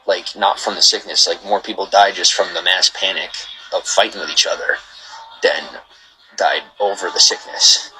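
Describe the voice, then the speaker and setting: A man hosts a livestream, casually chatting, reading viewer comments, and greeting viewers, though he gets heated and rambles, repeating himself. His voice is deep and steady at a normal speed, with a pushed, bright quality. The recording is low quality.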